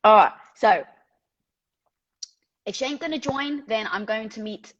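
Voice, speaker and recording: A woman hosting a live video, giving casual motivational talk in a candid, animated way with lots of fillers and casual swearing. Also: a little high, unhurried, muffled recording. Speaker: host of a live social media video. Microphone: headset or phone mic. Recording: echoey room sound.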